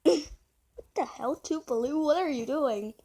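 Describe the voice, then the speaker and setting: A woman's voice: high voice, measured pace, mellow. A young woman talking casually as she reacts to a video, bewildered and exclaiming, with frequent laughs.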